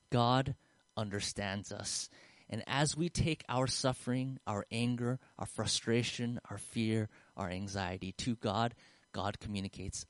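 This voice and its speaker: A man preaching a sermon as a conversational story, moving from lively retold dialogue to quiet, earnest reflection. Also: on the low side, measured pace, dry recording. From Australia. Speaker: pastor.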